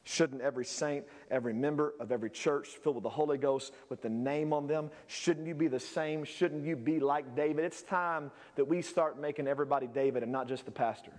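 A male pastor preaching a sermon, swinging between shouted peaks and low, quiet asides. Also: fairly quick, few pauses, big-room sound.

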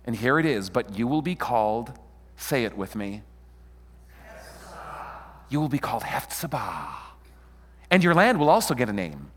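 A man preaching a sermon in an animated way, calling on the congregation to answer him. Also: medium pitch, fairly quick. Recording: long hall reverb.

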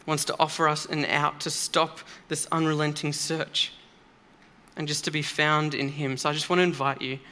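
A man's voice: on the high side, level tone, normal speed, bright, forceful tone. A man preaching a sermon in a church, earnest and emphatic, speaking conversationally with occasional fillers.

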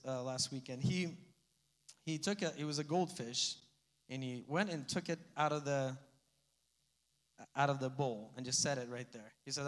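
A man preaching a sermon in a conversational, animated way, with asides and light laughter. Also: on the high side, big-room sound. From Slavic family background. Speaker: pastor.

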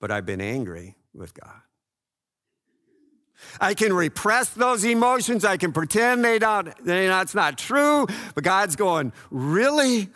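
A man preaching a sermon in a slow, earnest way, swinging between loud passages and hushed ones. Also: high-pitched. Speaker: pastor.

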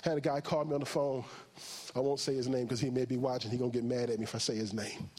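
A man, a pastor, preaching a sermon, who acts out quotes in a raised voice and closes in a slow, soft prayer. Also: mid-range voice, little pitch movement, husky.

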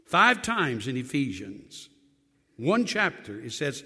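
An older man, a pastor of many years, preaching a sermon that swings from loud emphatic lines to quiet low drops, with joking asides. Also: sing-song, slow, slightly rough, long reverb tail.

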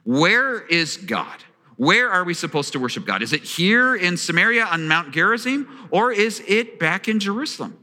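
A male pastor preaching a sermon in an animated, storytelling way, often asking the congregation questions. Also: high voice, normal speed. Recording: long reverb of a large hall.

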